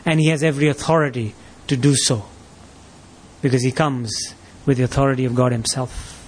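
A man's voice: medium pitch, fairly even intonation, brisk. A man preaching a sermon, posing rhetorical questions and rising to emphatic peaks.

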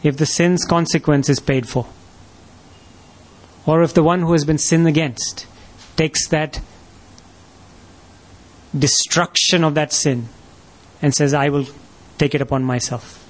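High-voiced man preaching a sermon. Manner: rhetorical questions, rising emphatic delivery.

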